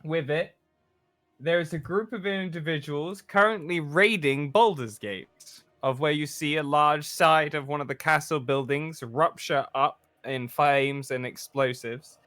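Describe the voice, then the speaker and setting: A man's voice: fairly high pitch, measured pace, sharp tone, no room sound, soft background music. A man running a tabletop role-playing game as dungeon master, narrating scenes cinematically and laughing with his players over voice chat.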